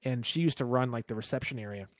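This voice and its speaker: A man's voice: mid-range voice, fast, dry recording, studio quality. A man hosting a podcast, telling wild workplace stories in casual, profane chat. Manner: profane, animated storyteller. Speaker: podcast host.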